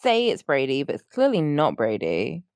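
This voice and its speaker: A woman's voice: low voice, wildly swooping pitch, normal speed, a little mellow, clean tone, dry recording. Tired, yawning woman podcast co-host. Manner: tired, yawning, dry asides. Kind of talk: casual chat.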